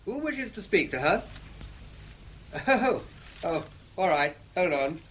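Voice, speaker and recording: An actor playing a gentle, sympathetic young gentleman in a 1950s radio play. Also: high-pitched, big pitch swings, slow pace, a little hiss or hum, exaggerated voice. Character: kindly young gentleman nephew.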